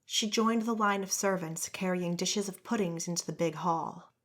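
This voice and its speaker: A woman with a lowish voice narrating a fantasy novel. Her delivery is steady and measured, and she reads it as a calm, even audiobook performance. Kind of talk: scripted narration.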